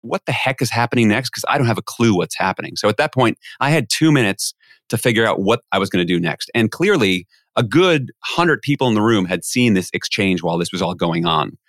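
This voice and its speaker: A man with a fairly low voice tells a story as a podcast guest, and he gets animated as he acts out what other people said. The sound is dry and close, with no room around it. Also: fairly quick, no echo. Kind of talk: conversational storytelling.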